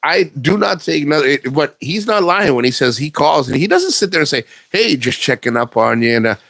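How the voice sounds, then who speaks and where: A man's voice: fairly high pitch, very animated, a little fast, a bit bright, no room sound. Blunt, swearing man with a dry sound. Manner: blunt and profane, rambling with restarts. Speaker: vlogger. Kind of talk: casual monologue to camera.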